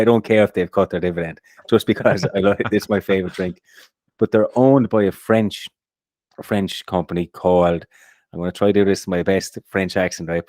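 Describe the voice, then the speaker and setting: A man's voice: deep voice, a little mellow, dry recording, studio quality. A man co-hosting a casual podcast, upbeat and prone to repeating words as he starts a sentence. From Ireland. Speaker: podcast co-host. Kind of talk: casual chat.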